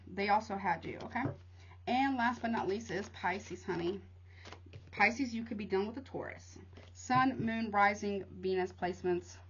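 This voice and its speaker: A woman's voice: medium pitch, highs cut off, slight background noise. A young woman giving a casual tarot reading, rattling off card meanings in a chatty way and calling listeners honey. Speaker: tarot reader.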